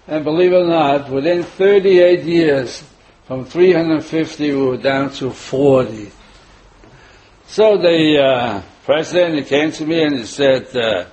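An older man, a rabbi, preaching a sermon and weaving in a personal story with frequent pauses and fillers. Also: fairly high pitch, a little mellow, low-quality recording. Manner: rambling, many filler pauses, chuckles at own jokes.

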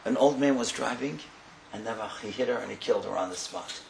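A man giving a sermon as a storyteller, impassioned and building to loud emphatic bursts, sprinkling Hebrew and Yiddish words into his English. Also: on the low side, fairly quick, creaky. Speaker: rabbi speaker. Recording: echoey room with faint ambient noise.

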